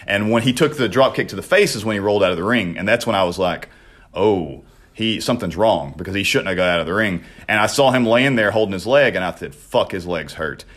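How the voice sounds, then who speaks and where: Podcast co-host, young man, low-ish voice, profane rambling storyteller. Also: lively intonation, a little fast, a bit bright.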